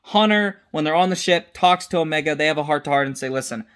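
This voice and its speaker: A man's voice: a little high, fast talker, a bit bright, smooth. A tired young man giving a casual, unscripted episode review, rambling with restarts and mixing up names.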